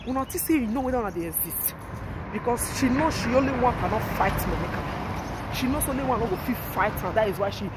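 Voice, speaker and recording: A woman with a Nigerian Pidgin English accent walks along a road and vlogs into her phone, taunting her rivals in a mocking, repetitive way. Her voice jumps from calm to loud. Clear outdoor noise runs under the whole recording. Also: mid-range voice, fast talker. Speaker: vlogger. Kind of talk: outdoor gossip vlog.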